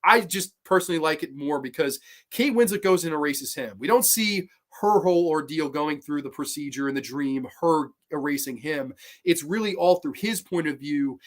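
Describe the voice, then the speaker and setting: Male vlogger, somewhat high voice, heartfelt rambling movie talk with restarts and swearing. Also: lively intonation, moderate pace. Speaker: movie review channel host. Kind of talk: casual spoken movie commentary.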